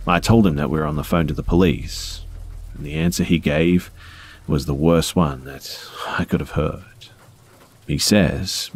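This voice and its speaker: Very deep, husky male storyteller. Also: normal speed. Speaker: story narrator. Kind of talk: reading first-person scary stories aloud.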